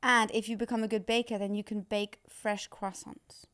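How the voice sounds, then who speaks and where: A woman's voice: medium pitch, level tone, normal speed, a bit bright, clear, resonant tone. A woman co-hosting a podcast, chatty and wry, often laughing. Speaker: podcast co-host. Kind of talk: casual chat.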